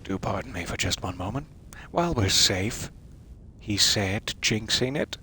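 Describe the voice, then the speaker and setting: A man's voice: lowish voice, lively intonation, measured pace, sharp tone, slight background noise. A man giving casual let's-play commentary, making wry joking asides to his viewers and sometimes dropping into a mutter. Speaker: streamer playing a video game.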